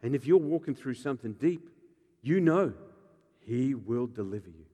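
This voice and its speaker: A man, a pastor preaching a sermon with animated, joking storytelling and acted-out voices. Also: mid-range voice, moderate pace, in a large hall.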